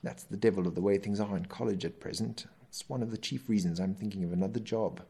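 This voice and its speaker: Fussy, defensive young husband, read by a man with a deep, gravelly storybook voice. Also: steady tone, fast, warm tone.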